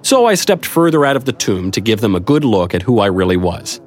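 A man's voice: on the low side, sing-song, a little fast, a little hiss or hum. A man reading a first-person story in a wry, conversational manner, recorded on a close studio mic. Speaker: narrator. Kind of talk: first-person audiobook narration.

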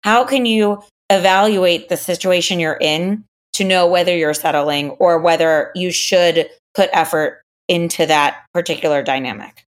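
A woman's voice: lowish voice, moderate pace, hardly any pauses. A woman co-hosting a casual podcast chat, asking long, rambling questions.

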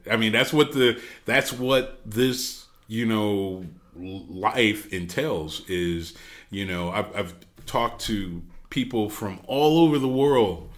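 A man telling a long story in casual chat, animated, with frequent fillers and restarts. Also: on the low side, slow. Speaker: podcast storyteller.

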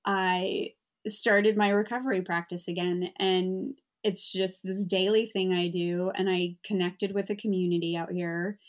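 A woman talking candidly as a guest author in a casual conversation, lively and given to mimicking people. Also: lowish voice, measured pace. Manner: candid, animated, mimics others.

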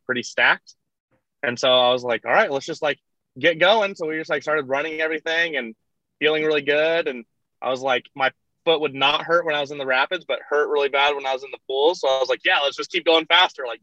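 Young male guest, chatty, says "like" constantly, bright tense tone, dry and slightly muffled recording. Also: a little high, no echo. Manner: rambling, heavy use of "like", laughs through retellings. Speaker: podcast guest, kayaker. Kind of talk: casual storytelling. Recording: dull lo-fi dry sound.

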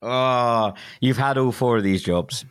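A British man hosting a podcast, chatting in a relaxed, teasing way and laughing often. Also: medium pitch, measured pace, smooth. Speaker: podcast host. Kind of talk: casual chat.

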